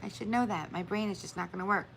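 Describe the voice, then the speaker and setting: On a poor recording with slight background noise, a woman hosts a casual livestream in a fast, creaky, medium-pitched voice that's a bit bright. She talks with her viewers, says hello to them by name, and frequently laughs at how forgetful she is.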